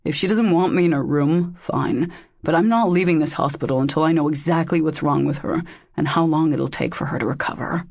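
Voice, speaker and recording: A woman's voice: sits low, fairly quick, darkish tone, no echo, studio quality. A woman voicing a remorseful, stubborn man who speaks emphatically in an audiobook. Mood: determined. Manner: emphatic and determined. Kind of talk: audiobook character voice.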